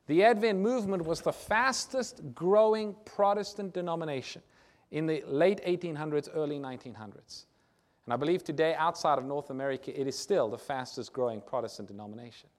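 A man preaching a sermon, reading scripture aloud and putting questions to his congregation, with loud booming emphasis on key phrases. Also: expressive, fairly quick.

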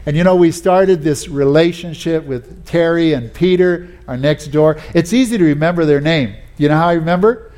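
A man gives a sermon built on personal stories, told in a homespun way with plenty of restarts and "you know"s. He speaks on the high side, at a moderate pace, with a slightly mellow tone.

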